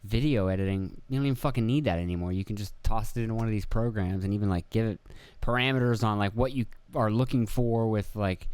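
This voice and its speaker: Fast and nearly pause-free, a young man's fairly low, darkish, smooth voice drives his casual solo podcast. He rambles, swears, laughs at his own expense and imitates the people he quotes, recorded echo-free in an indoor room set up with a video camera.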